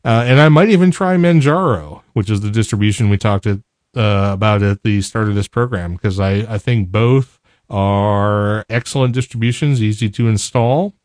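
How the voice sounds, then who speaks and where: A man's voice: lowish voice, moderate pace, a little mellow, dry recording, clean studio sound. A man co-hosting a podcast, talking casually and spelling out names letter by letter. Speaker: podcast co-host. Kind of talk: casual tech podcast talk.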